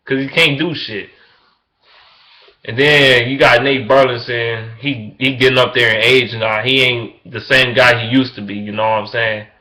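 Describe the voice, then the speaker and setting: Young man with a bright, forceful voice, profane and repetitive, in a casual sports rant recorded in an echoey room. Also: normal speed. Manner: swings from loud excitement to low mutters. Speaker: vlogger.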